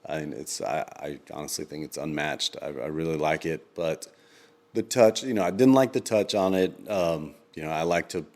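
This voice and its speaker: A man co-hosting a podcast in casual chat, rambling with lots of ums and quick laughs. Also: very deep voice, a little mellow. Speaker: podcast co-host.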